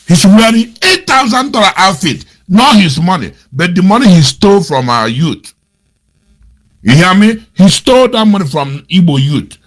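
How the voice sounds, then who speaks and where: A man's voice: fairly high pitch, a bit bright. A middle-aged man from Nigeria giving critical commentary in an emphatic, repetitive manner, full of rhetorical questions. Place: lives in America.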